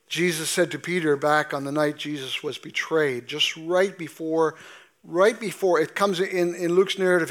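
Slow-preaching pastor, high voice. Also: male voice. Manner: slow, deliberate preaching with emphatic drawn-out scripture quotes. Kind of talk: sermon. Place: church sanctuary.

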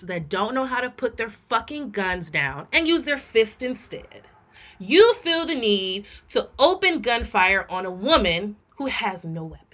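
A young woman co-hosting a casual podcast, telling stories in a blunt, profane, animated way. Her voice is bright and sharp. Her pitch jumps up and down a lot as she talks. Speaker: podcast co-host. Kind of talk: casual chat rant.

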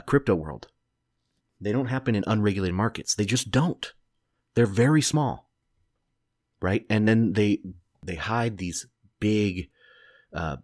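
A man's voice: lowish voice, no echo, clean studio sound. A man in his thirties hosting a solo commentary podcast, blunt and opinionated, swearing and rambling through restarts. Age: 30s. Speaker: podcast host.

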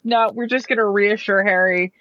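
A woman's voice: mid-range voice, steady tone, normal speed, dry recording. A woman player in a tabletop game, talking earnestly in and out of character. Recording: dull lo-fi mic.

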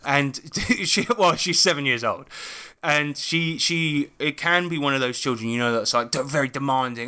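Male podcast co-host, bright tone, loose swearing anecdote-teller with restarts and laughs. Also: mid-range voice, moderate pace, few pauses, clean tone. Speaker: podcast co-host and game master. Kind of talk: casual podcast chat.

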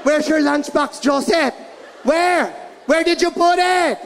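A man voicing his middle-aged mother, who interrogates her son with relentless shrill yelling. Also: expressive, a little slow, big-room sound, crowd noise, background noise. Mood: interrogating.

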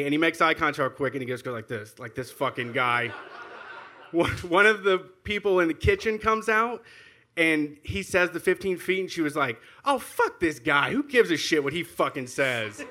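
A man's voice: fairly high pitch, bright, forceful tone. A man chatting casually as a podcast co-host, telling an anecdote with swearing and acted-out quotes. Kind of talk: casual chat.

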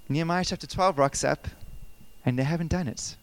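Animated preaching man, smooth voice. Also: fairly high pitch, a little fast. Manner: animated, conversational, asks the congregation questions. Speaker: pastor. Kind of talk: sermon with personal stories. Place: church service.

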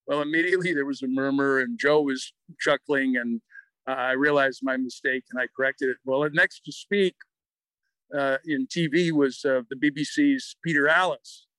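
An older man from the American Midwest, a guest author telling lively anecdotes in an interview and acting out the quotes. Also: medium pitch, normal speed, dry recording, rough recording. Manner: lively anecdotal storyteller who acts out quotes. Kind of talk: storytelling in an interview.

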